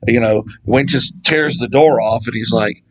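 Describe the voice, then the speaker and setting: A middle-aged man talks through scripture in a loose, conversational way. He has a mid-range voice, wanders off on tangents and chuckles at his own asides. His delivery is animated and unscripted. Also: mid-range voice, normal speed, low-quality recording. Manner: animated, digressive, laughs at his own jokes. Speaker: Bible teacher. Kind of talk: casual Bible study talk.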